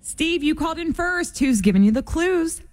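A woman with a New Jersey accent co-hosting a radio morning show, reading traffic and running a quiz in a brisk, playful way. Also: very high-pitched, animated. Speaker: radio co-host, traffic and game segments. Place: radio studio.

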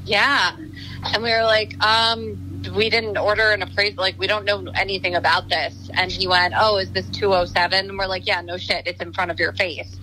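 A woman's voice: medium pitch, flat delivery, normal speed, pushed and bright, slight background noise, poor audio. A woman chatting casually on a video call, laughing often and acting out what people said. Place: her condo.

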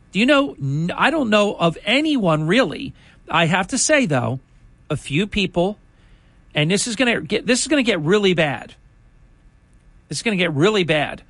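A man's voice: high-pitched, a bit bright, dry recording. An older man hosting a political talk show, chatting in a rambling way that turns indignant. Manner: indignant, conversational, rambling asides. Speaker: radio talk host.

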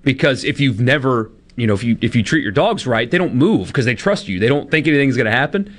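A man's voice: mid-range voice, expressive, fast talker. A man in his thirties co-hosting a radio show, chatting casually and laughing at himself. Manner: chatty, self-deprecating, laughs often.

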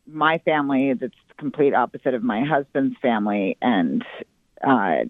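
A woman's voice: rumbling low, no room sound. A woman comedian telling self-deprecating stories as an interview guest. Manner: self-deprecating, playful, with quick asides. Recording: tinny phone line.

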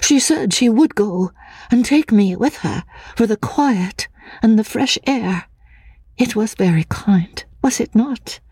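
A woman voicing a timid, fragile young woman haunted by grief, speaking in a breathless, hushed voice that slips into whispers. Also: on the high side, expressive, slow, slightly rough, dry recording, full character voice. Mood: wistful. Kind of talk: audiobook drama acting.

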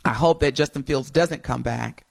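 A woman co-hosting a radio morning show in casual chat, animated and playfully teasing, laughing often. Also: rumbling low, moderate pace, creaky, no room sound. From Wisconsin.

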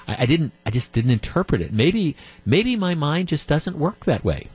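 A man's voice: on the high side, big pitch swings, normal speed, hardly any pauses, a little mellow, slightly rough. Man hosting a talk radio show. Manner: conversational, with many restarts and repeated words. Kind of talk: talk radio commentary with callers. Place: radio studio.

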